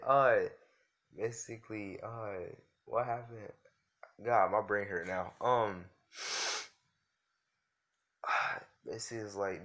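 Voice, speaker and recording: Deep-voiced young man rambling casually. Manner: rambling, loose slangy talk full of fillers. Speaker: YouTuber. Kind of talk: improvised fan-fiction storytelling.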